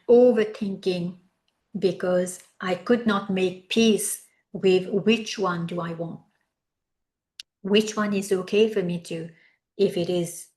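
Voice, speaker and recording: A middle-aged woman, a wellness coach, telling her personal story in a reflective, confessional way, often pausing on "like". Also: medium pitch, darkish tone. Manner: reflective and confessional, frequent "like" fillers.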